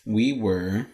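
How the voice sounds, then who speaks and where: A woman's voice: very deep voice, warm tone. A woman in casual chat, bantering about a film in a playful, blunt way.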